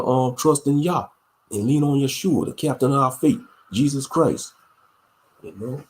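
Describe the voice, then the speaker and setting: Dude preaching on a livestream, rambly, lots of "you know", roomy echo. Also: male voice, mid-range voice, a little mellow. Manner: preachy, meandering, many fillers. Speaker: livestream host. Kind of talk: casual religious livestream talk.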